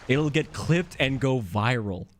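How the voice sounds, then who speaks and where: A man's voice: medium pitch, animated, unhurried, a little hiss or hum. A male game streamer chatting casually and reacting with jokes, laughter and swearing. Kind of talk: casual live-stream chat.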